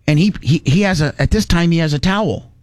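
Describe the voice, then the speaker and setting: A middle-aged man from Indiana spins a loose, folksy yarn, stumbling and restarting as he goes. His voice sits a little high for a man. The sound is close and dry, with no room around it. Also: quick pace, darkish tone, no room sound. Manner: folksy, rambling, with frequent restarts. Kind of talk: casual storytelling.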